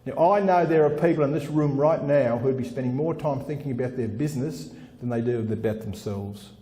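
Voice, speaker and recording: A man's voice: mid-range voice, fairly quick, mellow. A middle-aged man giving a blunt, punchy motivational speech at a conference, repeating lines for effect and calling the crowd "folks". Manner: keeps calling the audience "folks". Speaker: organizational consultant giving a keynote. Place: large conference room with about 400 people. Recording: long hall reverb.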